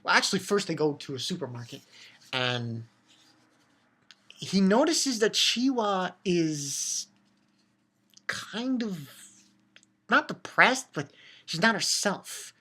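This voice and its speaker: Woman with a low voice, a loose and excitable recap host who swears and restarts her sentences. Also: takes it slowly, long pauses, slightly rough. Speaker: anime reviewer. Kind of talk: casual episode recap.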